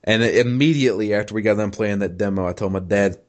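Casual male guest, fairly low voice, excited storyteller. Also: fast. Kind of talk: casual chat.

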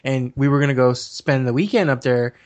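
A man's voice: mid-range voice, a little fast, a little mellow. A man telling long nostalgic stories in casual chat, rambling and laughing often.

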